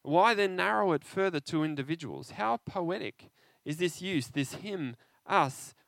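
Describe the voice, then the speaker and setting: A man preaching an interactive sermon, animated and conversational, often asking his listeners questions. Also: high voice, a little slow, gravelly, dry recording.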